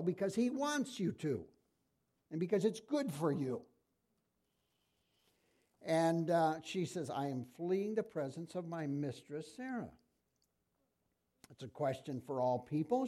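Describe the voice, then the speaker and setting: A man's voice: a little high, dark tone. A middle-aged man preaching a sermon in a conversational way, asking his congregation questions.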